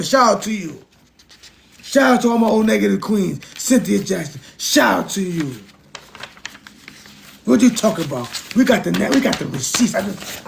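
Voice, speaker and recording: A man's voice: high voice, gravelly. A man hosting a casual livestream, talking to his chat in an emphatic, repetitive way. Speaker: livestream host.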